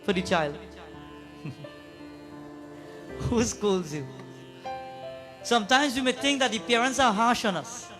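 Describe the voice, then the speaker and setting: Speaking slowly and leaving long pauses, a pundit with a high-pitched voice retells a devotional story as a sermon at a prayer gathering. Soft music sits faintly behind him as he questions the listeners and drifts into sung verses.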